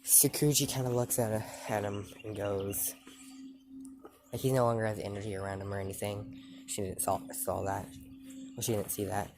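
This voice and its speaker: A man's voice: lowish voice, little pitch movement, normal speed, vocal fry, noisy background. A man telling an improvised fan-fiction story, rambling with many fillers and self-corrections.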